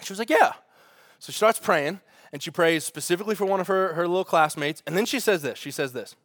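A man, a pastor preaching a sermon with funny family stories and lively asides. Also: sits high, quick pace, no room sound, studio quality. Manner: storytelling with humor, animated asides.

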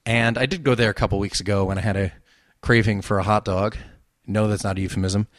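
A man's voice: lowish voice, fairly even intonation, fast talker, no echo, clean studio sound. Wry, sarcastic man hosting a solo show. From New Jersey. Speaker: podcast host. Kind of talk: casual solo commentary.

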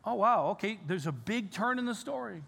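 Man, pastor, sermon, high voice, earnest, animated, long church reverb. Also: fairly quick, gravelly. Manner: earnest, animated preaching with casual fillers. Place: church sanctuary.

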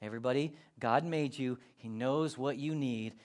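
A man's voice: mid-range voice, moderate pace, darkish tone. A male pastor preaching a casual, joking sermon with emphatic delivery.

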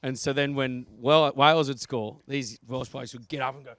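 A man's voice: mid-range voice, fairly even intonation, moderate pace, fairly bright tone, no room sound. A man co-hosting a podcast, telling rugby stories in casual banter, often laughing and saying "mate". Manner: laughing storyteller, says mate a lot. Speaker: podcast co-host.

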